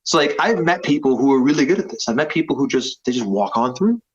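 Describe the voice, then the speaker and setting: Talking fast in an expressive, medium-pitched voice, a man in his thirties who teaches jiu-jitsu chats as a podcast guest. He's rambling and self-deprecating, full of fillers, and the podcast sound is slightly dull.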